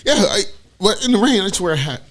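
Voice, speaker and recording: A man's voice: sits high, big pitch swings, fast, fairly bright tone. A man co-hosting a casual podcast, cracking crude jokes and laughing a lot. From Portland area, US. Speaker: podcast co-host. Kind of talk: casual profane chat.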